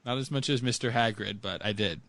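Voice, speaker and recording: A man's voice: mid-range voice, a little fast, vocal fry, a bit bright, no room sound. A man co-hosting a book podcast, chatting casually and playfully reading dialogue aloud with frequent laughter. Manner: playful, laughs often, acts out lines. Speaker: podcast co-host.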